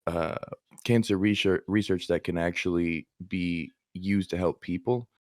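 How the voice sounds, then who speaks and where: A very low-pitched man chats as co-host of a podcast. He talks in a relaxed, offhand way and swears freely. His voice comes through dry and close to the mic. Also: measured pace, dry recording. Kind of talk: casual chat.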